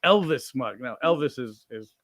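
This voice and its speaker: A man's voice: medium pitch, animated, normal speed, a bit bright, no room sound. A man guest on a casual game-show chat, easygoing and joking. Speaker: guest contestant.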